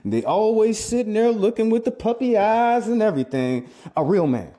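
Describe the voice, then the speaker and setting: Brief: middle-aged male vlogger, preachy and repetitive, very lively pitch swings. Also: moderate pace. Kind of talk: comedic commentary.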